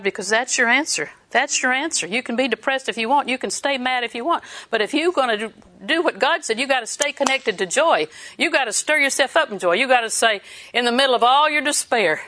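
A woman preaching a sermon, telling stories and laughing as she exhorts. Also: fairly high pitch. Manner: storytelling, animated, laughs while preaching.

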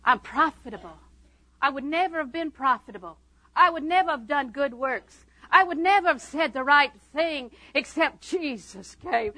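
High, bright-voiced woman preaching. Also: expressive, normal speed, poor audio. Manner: storytelling, swings between hushed asides and loud proclaiming; humorous, conversational. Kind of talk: sermon.

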